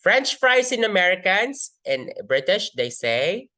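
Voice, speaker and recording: A Filipino-accented woman tutor takes her time, pausing often as she explains the differences between British and American English. She mixes English with Tagalog. Her pitch jumps when she models example words. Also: very animated, sharp tone. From Philippines. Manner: switches between English and Tagalog, slow and drawn out with many pauses. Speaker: IELTS tutor. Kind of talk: casual tutorial teaching.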